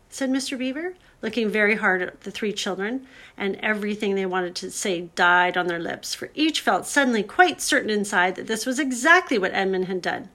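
Woman narrator for a children's audiobook, measured and clear. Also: mid-range voice, animated, a bit bright. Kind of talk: scripted storybook narration.

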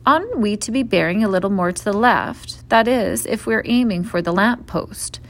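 A woman's voice: mid-range voice, lively intonation, moderate pace, lightly acted. A woman reading a storybook aloud and voicing a sulky, spiteful younger schoolboy in a sullen, resentful manner.

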